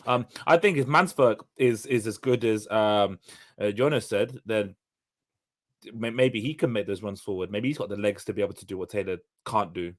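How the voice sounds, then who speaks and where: A man with a fairly low voice chatting on a football podcast panel. He praises players with enthusiasm, and his sentences tend to trail off into tag questions like "didn't he?". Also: normal speed. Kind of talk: casual football chat.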